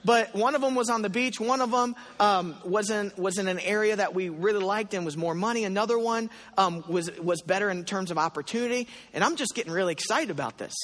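A man preaching a sermon in a church, telling a story with animated asides and acted prayers. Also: high-pitched, brisk, hardly any pauses. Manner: animated storytelling, voicing his own prayers. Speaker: pastor. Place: church hall. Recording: long hall reverb.

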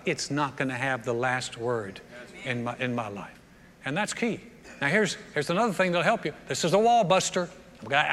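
A man preaching a sermon as a pastor, animated, repeating words and acting out prayers. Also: sits high, big-room sound.

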